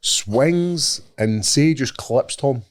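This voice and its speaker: A man's voice: mid-range voice, lively intonation, extremely slow. A Scottish man co-hosting a podcast in casual chat, asking leading questions and swearing bluntly. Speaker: podcast co-host.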